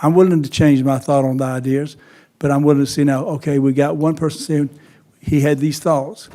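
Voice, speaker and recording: A man, a county council member speaking in a halting, conciliatory way at a meeting. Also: fairly high pitch, little pitch movement, mellow.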